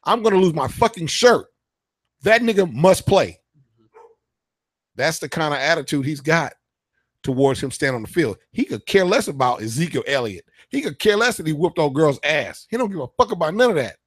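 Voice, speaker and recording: A man's voice: a little high, sing-song, moderate pace, breathy edge, dry recording. Heated, profane man ranting, dry sound. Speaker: radio show host. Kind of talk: casual political rant.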